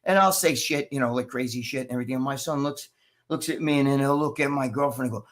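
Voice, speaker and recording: A man chatting casually on a livestream, telling animated, profanity-laced stories as co-host over a video call. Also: mid-range voice, quick pace. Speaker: show co-host.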